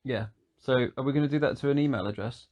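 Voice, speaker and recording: Guy podcasting, talks fast, teasing and swears a lot. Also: mid-range voice, darkish tone, lo-fi sound. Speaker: podcast co-host. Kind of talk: casual chat.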